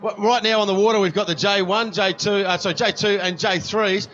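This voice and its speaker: Keen Australian man, high voice, race commentary. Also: fairly even intonation, brisk, fairly bright tone, lo-fi sound. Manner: enthusiastic, slangy, says "mate" often. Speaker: guest commentator.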